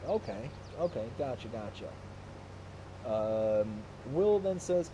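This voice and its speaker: A man's voice: medium pitch, very animated, slow pace, dark tone. Young man, from the US South, upbeat, rambling, chatty streamer, faint noise behind. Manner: upbeat, rambling, reads chat aloud. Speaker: livestream host. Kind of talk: casual live-stream chat.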